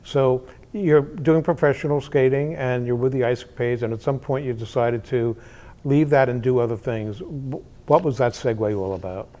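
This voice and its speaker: Male interviewer, mid-range pitch, hesitant and conversational. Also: normal speed, dark tone. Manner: hesitant, many fillers and restarts. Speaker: interview host.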